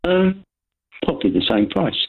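A man's voice: fairly high pitch, sing-song, normal speed, breathy edge. Hesitant male caller on a tinny phone line. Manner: hesitant, rambling. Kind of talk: casual radio phone-in chat.

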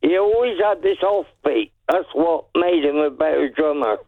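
A man calling in to a radio phone-in, exuberant, shouting and singing along. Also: fairly high pitch, lively intonation, normal speed, dry recording, phone-quality sound. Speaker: radio caller. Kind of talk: phone-in chat.

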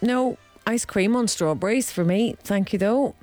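A woman's voice: medium pitch, unhurried, a little mellow, soft background music. A woman co-presenting a radio show, dry and teasing in casual chat.

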